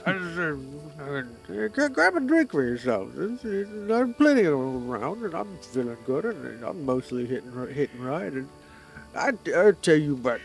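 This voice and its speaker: A man's voice: mid-range voice, lightly acted. A man voicing a drunk, boastful male hill giant who grumbles and rambles with slurred words, with faint music in the background.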